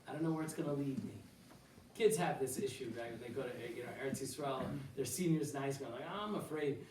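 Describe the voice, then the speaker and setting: A man teaching an informal Torah class in a synagogue hall, animated and full of rhetorical questions, with Hebrew phrases mixed in. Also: medium pitch, fast talker, a little hiss or hum. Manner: mixes in quoted Hebrew phrases. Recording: roomy hall, distant mic, faint ambience.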